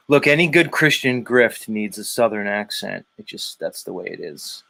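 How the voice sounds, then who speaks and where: A man's voice: lowish voice, normal speed, gravelly, sharp tone, dry recording, low-quality recording. A man with a Philadelphia accent who hosts a show, giving sardonic, musing livestream commentary that wanders off on tangents. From Philadelphia area, US. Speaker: show host.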